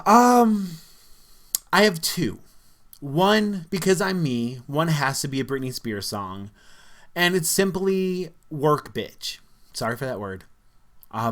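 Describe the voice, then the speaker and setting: A man's voice: on the high side, fairly bright tone. Earnest man vlogging. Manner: earnest, reflective, with fillers. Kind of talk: casual talk to camera.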